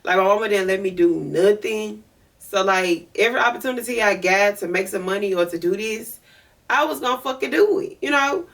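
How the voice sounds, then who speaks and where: Give me a chatty woman podcast host with a gravelly edge, recorded from a little way off the mic. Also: mid-range voice, fairly quick. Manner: chatty, animated, many fillers. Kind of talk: casual storytelling. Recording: voice distant from the mic.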